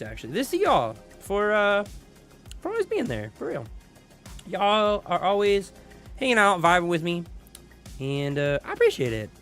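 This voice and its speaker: A man's voice: sits high, fairly bright tone. A young man hosting a casual livestream chat, laid-back and slangy, greeting viewers and laughing often. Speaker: streamer host.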